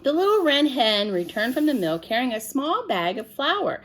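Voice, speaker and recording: A woman reading a picture book aloud to children in a gentle, expressive way, stopping to ask the listener questions. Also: high voice, normal speed, hardly any pauses.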